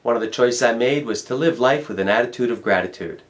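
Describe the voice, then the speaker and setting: A man's voice: medium pitch, fast talker. A middle-aged man, a motivational speaker, giving an emphatic self-help talk and repeating key words for effect. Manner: storytelling.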